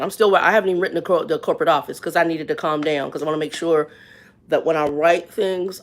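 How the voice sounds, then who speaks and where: A woman in her fifties with a slightly low voice tells a story live to her viewers. She talks plainly and folksy, now loud and worked up, now dropping to a near murmur. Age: 50s. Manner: animated storytelling that swings between loud outbursts and hushed asides; plain-spoken and folksy, openly religious. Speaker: live-stream host. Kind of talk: casual storytime on a live stream.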